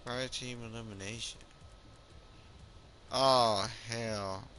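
A young man chatting casually while playing a video game, excitable, swearing and muttering at the screen. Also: medium pitch, slow pace, a little hiss or hum. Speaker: streamer. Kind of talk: casual gaming chat.

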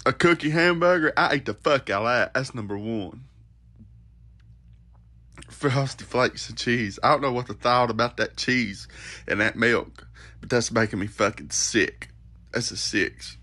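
A man's voice: medium pitch, unhurried, bright, forceful tone. A man bluntly ranking food in a casual video, swearing and laughing at himself.

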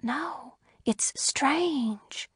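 A woman voices a nervous, timid sheriff's wife from an old-fashioned story, her lines coming out high and shrinking. She often drops to a hush and sounds close and dry. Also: animated, vocal fry, dry recording. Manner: hushed, shrinking, halting.

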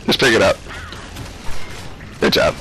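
A young man giving frantic live gameplay commentary, swearing and yelling at the game. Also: measured pace, slight background noise, low-quality recording. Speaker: gamer.

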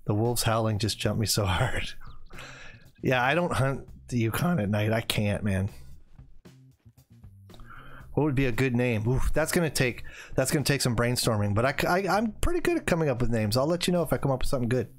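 A man's voice: medium pitch, very animated, brisk, soft background music. A man in his forties hosting a casual gaming livestream, rambling and getting worked up as he chats. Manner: rambling, gets worked up, then apologizes. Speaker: livestream host.

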